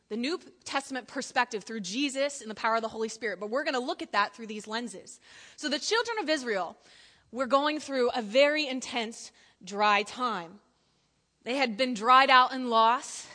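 A woman preaching a lively sermon in church, telling jokey stories and acting out quotes. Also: high-pitched.

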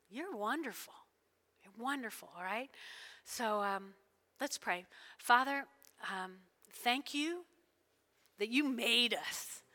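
A woman pastor preaching in a church service, fervent, with sudden loud bursts and soft prayerful stretches. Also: on the high side, a little slow, pauses often. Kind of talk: sermon with altar call prayer.

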